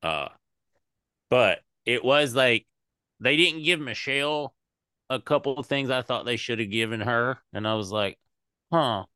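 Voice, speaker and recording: A man's voice: medium pitch, measured pace, pauses often, clean tone, dry recording, studio quality. A man co-hosting a podcast, rambling and swearing in casual chat about comedy shows. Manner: rambling, animated, swears a lot.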